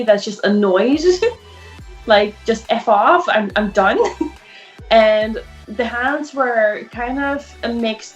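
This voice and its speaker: A woman talks casually over a video call, chatty and self-deprecating. Her voice sits in the middle of the range for a woman, and it comes through a roomy, dull, lo-fi line with faint music underneath. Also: medium pitch. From Netherlands. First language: Dutch. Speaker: guest illustrator. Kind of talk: casual chat. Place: home in Ireland, late at night.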